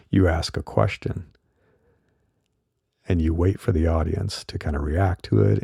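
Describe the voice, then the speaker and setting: Middle-aged man, deep husky voice, dark tone, chatty podcast host on a dry close condenser mic. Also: no echo. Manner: relaxed, chatty, with fillers and laughs. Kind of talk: casual solo podcast talk. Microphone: studio condenser mic.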